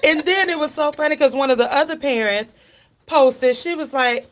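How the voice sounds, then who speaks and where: A woman's voice: high-pitched, moderate pace. A middle-aged woman co-hosting a radio talk show, telling funny family stories with lots of laughter and acted-out quotes. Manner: animated storyteller, laughs often, quotes others in voices. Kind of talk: casual chat.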